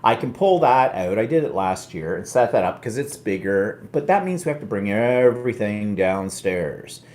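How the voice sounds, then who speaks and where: A man's voice: fairly low pitch, very animated, moderate pace, darkish tone. A middle-aged man with a Canadian accent, hosting a casual, rambling live chat with a self-mocking humor. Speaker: host.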